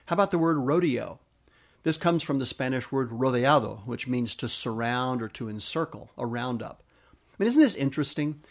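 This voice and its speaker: A man with a gravelly, creaky edge to his voice hosts a podcast about words and their origins. He is keen and animated about his subject, and he slows down to spell terms out letter by letter. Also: mid-range voice. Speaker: podcast host. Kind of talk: explanatory podcast talk.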